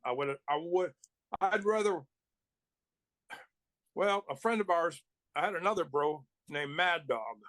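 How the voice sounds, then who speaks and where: A man's voice: fairly high pitch, measured pace, pauses often, fairly bright tone, dry recording. A male actor telling rambling anecdotes in casual chat, with restarts and chuckles. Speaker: actor guest.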